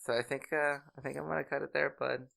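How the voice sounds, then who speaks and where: A man's voice: medium pitch, flat delivery, fast talker, creaky, a bit bright. A man co-hosting a casual podcast, who stammers over his words and laughs often. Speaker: podcast co-host.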